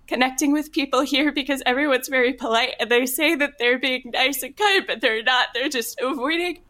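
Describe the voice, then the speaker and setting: A needy, oversharing American podcast host, played by a woman in an improvised comedy sketch. Her voice is bright and forward, and she talks awkwardly with nervous giggles. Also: medium pitch, lightly acted.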